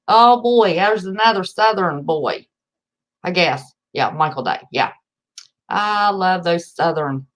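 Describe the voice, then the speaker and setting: A woman from West Virginia with an Appalachian accent hosts a casual livestream from home. Her voice is lowish and a bit bright, and she's chatty and folksy, greeting viewers by name and calling them honey.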